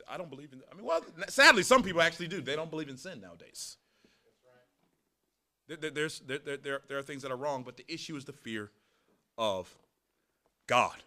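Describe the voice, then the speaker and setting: A man preaching a morning sermon, animated, with sarcastic asides and words repeated when he gets going. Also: mid-range voice. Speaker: pastor.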